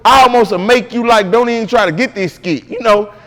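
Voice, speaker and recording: Animated high-voiced man telling a story. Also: fairly quick, in a large hall. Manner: animated, slangy, repeats "bro". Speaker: interview guest, impersonator. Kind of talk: casual storytelling.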